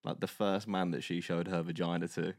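A man, co-hosting a podcast, telling animated, sweary stories in casual chat. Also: sits low, brisk, creaky, no room sound, clean studio sound. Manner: animated storyteller, swears freely, British slang. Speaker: podcast co-host.

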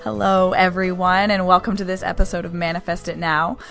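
A woman's voice: fairly low pitch, little pitch movement, fairly quick, vocal fry, over music. A woman co-hosting a podcast as a coach, chatting casually in a bubbly way and laughing often. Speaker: podcast co-host, law of attraction coach. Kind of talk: casual chat.

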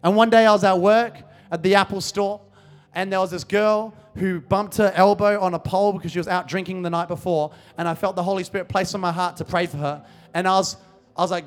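A man's voice: high voice, a little fast, soft background music. A young man preaching a sermon, telling a story and then building to fervent, impassioned exhortation. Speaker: youth preacher.

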